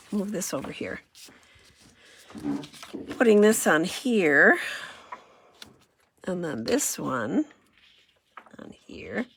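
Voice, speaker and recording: A woman's voice: sits low, creaky, a little hiss or hum. A woman running a casual crafting demo, chatty and self-deprecating, thinking aloud as she works. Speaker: craft demonstrator.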